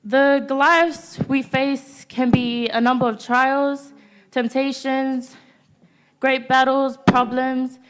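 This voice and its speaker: A woman's voice: high voice, level tone, slow pace. A teenage girl preaching a youth-service sermon in a church, stopping to ask the congregation "Amen?" after nearly every point. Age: teens.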